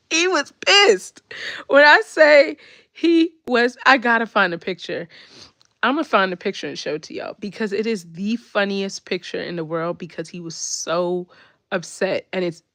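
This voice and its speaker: Slow, animated woman telling a story. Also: a little high, vocal fry, no echo. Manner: animated, laughs often, repeats "when I tell you". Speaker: storytelling host. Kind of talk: casual storytelling chat.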